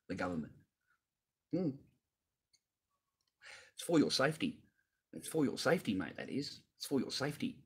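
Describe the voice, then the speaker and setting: A man's voice: lowish voice, slightly rough. A man of fifty, hosting a livestream and talking in a blunt, profane, heated rant into a computer mic. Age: 50s. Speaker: livestream host answering donations.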